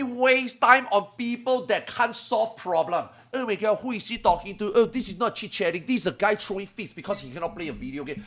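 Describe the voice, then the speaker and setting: High-voiced man ranting on a live stream. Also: expressive, fairly quick, few pauses, faint music behind. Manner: swings from low muttering to loud angry outbursts, swearing; switches between English and Chinese. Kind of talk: casual live-stream talk.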